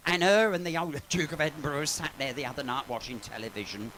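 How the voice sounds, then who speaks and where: A man's voice: a little high, brisk, few pauses, pushed and bright, a little hiss or hum, poor audio. Camp, gossipy male comedian. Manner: camp, gossipy, bawdy, swears freely. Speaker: cabaret comedian and singer. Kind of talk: live bawdy comic patter. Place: pub stage, live. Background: piano accompaniment.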